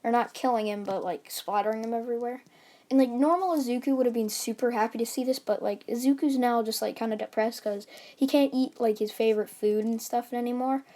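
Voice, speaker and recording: A woman's voice: on the high side, fairly quick, warm tone. A woman casually retelling a fan story, rambling with many fillers and restarts.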